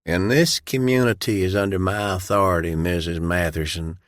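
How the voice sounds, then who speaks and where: A man voicing a smooth, commanding male federal official who speaks in a cold, formal way. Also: deep voice, fairly even intonation, moderate pace, no room sound, clean studio sound, lightly acted.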